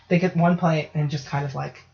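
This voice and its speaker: Low, brisk and creaky, her voice drives a profane, ranting casual podcast full of animated storytelling. It's recorded as dull lo-fi podcast audio.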